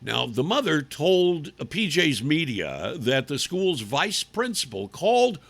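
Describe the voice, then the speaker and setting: Raspy, animated, sarcastic male talk host. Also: a little high, takes it slowly. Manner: sarcastic, mocking, acts out people in put-on voices. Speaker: radio talk show host. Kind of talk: opinionated political talk monologue. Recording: live radio broadcast stream.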